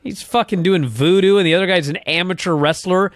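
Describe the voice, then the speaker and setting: A man's voice: high-pitched, a little fast, no room sound, studio quality. A man co-hosting a casual chat, ranting with plenty of swearing and exasperation. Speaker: podcast co-host.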